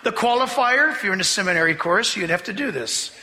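A male pastor preaching a sermon, emphatic, slowing down to read scripture aloud and mimicking voices to make his points. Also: sits high, expressive, pushed and bright, in a large hall.

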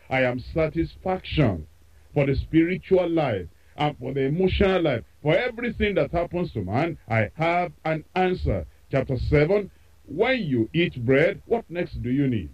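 A man's voice: on the high side, sing-song, a little slow, a little mellow. A man preaching a sermon, emphatic and repeating phrases for effect, heard over a dull radio broadcast.

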